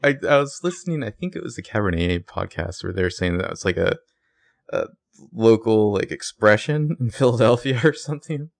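A man co-hosting a podcast, chatting casually and playfully as he recaps TV scenes with lively retelling. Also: lowish voice, fairly quick, gravelly, no room sound. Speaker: podcast co-host.

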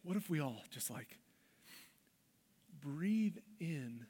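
A man's voice: on the high side, lively intonation, takes it slowly, long pauses, mellow. A male pastor preaching a sermon in a church, passionate with emphatic outbursts. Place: church sanctuary. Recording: long reverb of a large hall.

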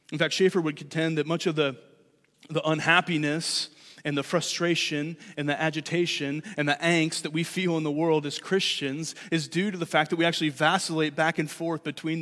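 A man preaching a sermon in church, conversational and animated, his loudness rising and falling. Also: a little high. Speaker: pastor. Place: church sanctuary. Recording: long hall reverb.

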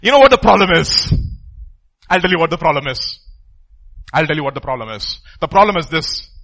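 A pastor preaching a sermon emphatically, his voice swinging from loud outbursts to hushed asides. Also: a little high, expressive, brisk.

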